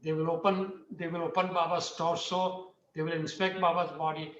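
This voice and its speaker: A man's voice: a little high, level tone, moderate pace, fairly bright tone. A man on a discussion panel, telling a story earnestly and often repeating his phrases. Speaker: panel speaker. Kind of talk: storytelling talk. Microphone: video call. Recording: roomy, distant, dull video-call audio.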